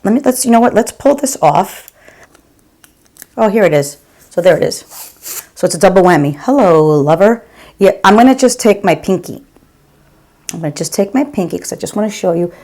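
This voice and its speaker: A woman's voice: medium pitch, expressive, fairly quick, pauses often, warm tone. A middle-aged woman and nurse reviewing her favorite makeup to camera in a gushing, chatty way, calling viewers "girl". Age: 40s or 50s. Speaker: beauty vlogger and OR nurse.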